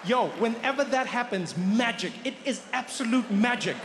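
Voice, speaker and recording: A man with a South African accent performing stand-up comedy, telling an animated story and acting out the other people in it. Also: extremely high pitch, moderate pace, crowd noise, background noise.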